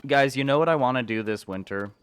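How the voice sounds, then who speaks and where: Guy streaming a game, rambly and chatty, smooth clear voice, gets excited a lot. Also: medium pitch, quick pace, dry recording. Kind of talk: casual gameplay commentary.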